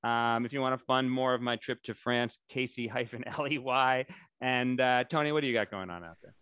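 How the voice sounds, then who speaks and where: Smooth-voiced joking podcast co-host man. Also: medium pitch, a little fast, a bit bright, dry recording. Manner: rambling, self-promoting, jokey. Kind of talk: casual chat.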